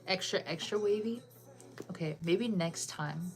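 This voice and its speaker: A woman's voice: on the low side, normal speed, long pauses, soft background music. A woman chatting casually with viewers on a live stream, bubbly and full of "like" fillers.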